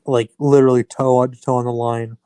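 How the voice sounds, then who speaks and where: Mellow-voiced male game master. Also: medium pitch, level tone, brisk, clear, resonant tone, dry recording. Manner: casual, restarts mid-phrase. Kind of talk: narrating a tabletop game.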